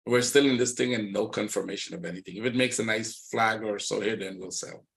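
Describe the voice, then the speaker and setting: A low-pitched man runs a live trading webinar. He moves briskly through the charts in a plain, matter-of-fact way, pointing out setups as he goes. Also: steady tone, vocal fry, a bit bright. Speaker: trading instructor.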